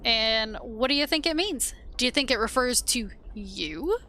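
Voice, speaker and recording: A woman reading the lines of a sly, wisecracking male skull who talks quickly to wriggle out of questions. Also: on the high side, animated, bright, forceful tone, slight background noise. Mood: evasive. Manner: chatty, wheedling, defensive.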